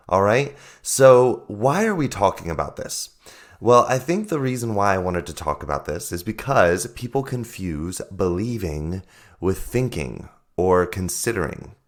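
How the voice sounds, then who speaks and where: Deep-voiced hoarse male podcast host. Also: very animated, unhurried. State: hoarse, losing his voice. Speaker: podcast host and life coach. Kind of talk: solo podcast talk.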